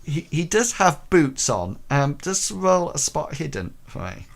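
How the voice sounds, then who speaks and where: Slow, halting game master man. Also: fairly high pitch, sing-song, creaky. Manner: halting, full of ums. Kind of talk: narrating a tabletop game.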